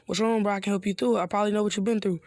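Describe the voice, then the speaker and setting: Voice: mid-range voice, very fast, dry recording, close to an everyday voice. A narrator voicing a hardened, vengeful orphan boy ninja in a casual, slangy storytelling voice. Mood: cold. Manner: casual, flat slangy delivery.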